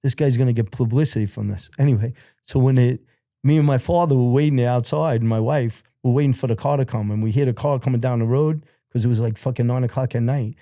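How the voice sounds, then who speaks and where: A man's voice: mid-range voice, fast, dark tone, no room sound, studio quality. An older man telling a long crime story as a podcast guest, rambling, swearing and acting out quoted lines. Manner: profane, rambling, acts out quotes. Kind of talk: casual storytelling.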